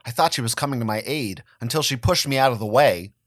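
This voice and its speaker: Man giving an expressive dramatic reading. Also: medium pitch, fast talker, no room sound, studio quality. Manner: expressive, wry storytelling. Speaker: reader of a fan story. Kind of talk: dramatic reading of a first-person story.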